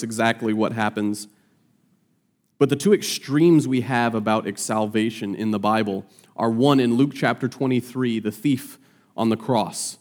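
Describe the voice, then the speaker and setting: Conversational male preacher, mid-pitched. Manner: conversational, acts out quoted voices with rising pitch. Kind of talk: sermon.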